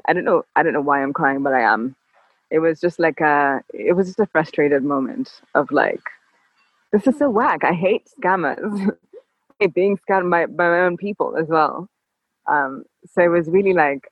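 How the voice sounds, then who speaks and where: A woman guest on an interview, talking in a calm, level, measured way. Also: low voice, dry recording. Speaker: podcast guest. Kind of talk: casual interview chat. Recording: dull lo-fi dry sound.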